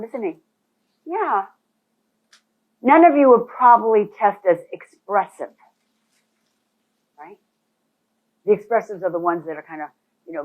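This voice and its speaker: Woman coaching a room of agents, emphatic, calls on people, sounds tinny like a phone. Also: fairly low pitch. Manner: animated, emphatic, addresses audience directly. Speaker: real estate trainer. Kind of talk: boot camp presentation to a room.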